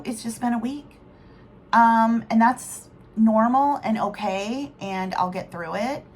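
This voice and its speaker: A middle-aged woman talking straight to camera in a loose, rambling vlog. She's candid and emotional, with a faint hum of room ambience behind her voice. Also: mid-range voice. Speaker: vlogger. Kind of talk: casual rambling vlog talk.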